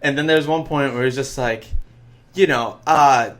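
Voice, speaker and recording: With a mid-range, slightly bright voice and a measured pace, this young podcast co-host wanders through an anecdote in casual conversation, punctuating it with frequent laughter and swearing.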